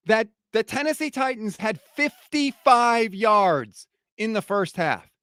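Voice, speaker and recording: High-voiced, fired-up male sports host. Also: animated, measured pace, fairly bright tone, smooth, no echo, studio quality. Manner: fired-up, heated ranting. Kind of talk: post-game reaction rant.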